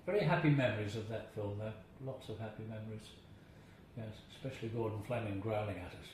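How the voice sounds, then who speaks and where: A lowish, slightly mellow male voice moves at a quick pace as an older interviewee recalls his acting days through chatty anecdotes. He chuckles and imitates voices from time to time, and the very echoey room adds a faint hiss.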